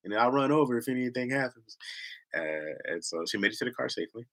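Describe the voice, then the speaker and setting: A man telling comedic stories in a casual, animated way, putting on loud mocking voices and laughing often. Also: fairly low pitch, racing.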